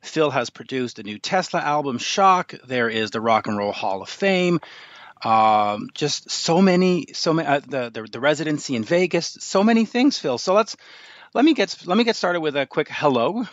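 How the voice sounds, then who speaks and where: A man's voice: fairly high pitch, expressive, normal speed, no room sound. Male radio host, chatty and rambling, dry close mic, slightly dull lo-fi sound. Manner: chatty, rambling with many fillers. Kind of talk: casual radio interview.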